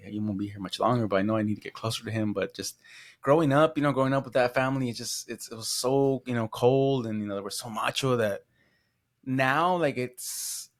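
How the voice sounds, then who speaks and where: A man's voice: mid-range voice, a little fast. Hesitant, reflective man on podcast. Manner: hesitant, reflective, many fillers. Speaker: podcast co-host. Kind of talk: casual heartfelt conversation.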